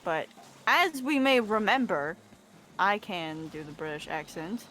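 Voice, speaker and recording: A woman's voice: mid-range voice, lively intonation, unhurried, a bit bright, a little hiss or hum. A woman streamer chatting casually with friends, wry, sarcastic and blunt. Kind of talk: casual chat while streaming.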